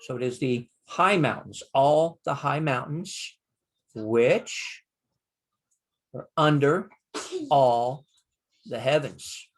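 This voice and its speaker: An older man teaching a Bible Hebrew lesson, slowly sounding out Hebrew words and explaining them with frequent pauses. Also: medium pitch. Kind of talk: screen-share lesson.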